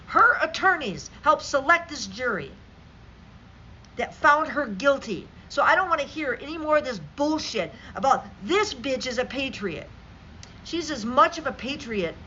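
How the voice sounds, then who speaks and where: Angry, sarcastic woman with a bright voice. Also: sits high, big pitch swings, measured pace, lo-fi sound, slight background noise. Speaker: political commentary vlogger. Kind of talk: reading news and ranting commentary.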